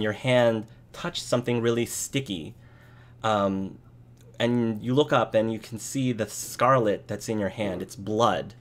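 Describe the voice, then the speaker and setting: Male game master, halting, describes scenes, middle pitch. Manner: hesitant, with many restarts and fillers. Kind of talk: narrating a tabletop game online.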